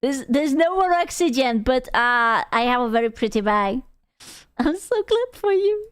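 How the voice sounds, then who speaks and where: A woman streamer giving casual, animated reaction commentary, gasping and laughing as she talks. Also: high voice, measured pace, clear, resonant tone, no echo. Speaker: VTuber streamer reacting to videos.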